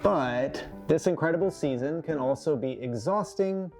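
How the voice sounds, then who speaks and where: American man vlog co-host, low gravelly voice, faint guitar behind. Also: moderate pace, darkish tone. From United States. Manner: enthusiastic, listing. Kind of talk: casual chat.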